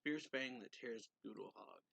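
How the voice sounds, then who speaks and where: A man's voice: medium pitch, moderate pace, creaky, fairly bright tone, husky, no echo, exaggerated voice. A man reading the lines of a proud male lion beast in a stiff, formal way during a manga recap.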